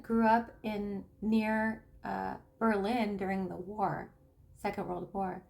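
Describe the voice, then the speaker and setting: A woman with a fairly high voice talks slowly to camera about her views as a spiritual coach. She pauses often and restarts her sentences. She is emphatic but lets her phrase endings fall away quietly. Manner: slow, halting, with many restarts and fillers. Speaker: tarot reader and spiritual coach. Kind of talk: casual monologue to camera.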